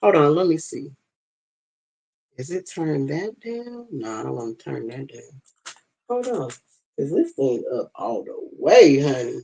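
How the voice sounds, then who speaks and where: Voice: medium pitch, big pitch swings, a little slow, long pauses, a little mellow, a little hiss or hum, poor audio. A live-stream host teaching a class, chatting casually with viewers and flustered by technical trouble, with lots of y'all and ain't, speaking into a tablet while wearing bone-conduction headphones. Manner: chatty, talks straight to the chat, flustered by tech trouble; uses plenty of y'all and ain't.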